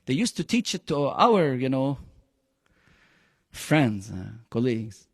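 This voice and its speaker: Slow and very animated, with a breathy edge at medium pitch, a man teaches the Quran in a large hall. He speaks Arabic natively, weaves phrases into his English, makes his points emphatically, and constantly questions his class.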